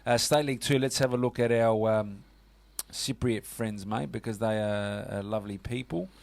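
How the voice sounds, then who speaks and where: A man's voice: lowish voice, normal speed, vocal fry, a little mellow. A man with an Australian accent hosting a casual sports radio show, chatty and full of fillers. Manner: chatty, lots of fillers and "mate".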